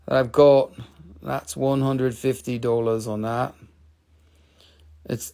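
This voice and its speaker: A middle-aged man runs a live crystal sale, talking in a loose, playful way. His voice has a gravelly fry at mid pitch. He jokes along with viewers and names each stone and its price. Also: darkish tone. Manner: playful, chatty, jumps into squeaky high joke voices. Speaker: live-stream crystal seller. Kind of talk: casual live sales chat.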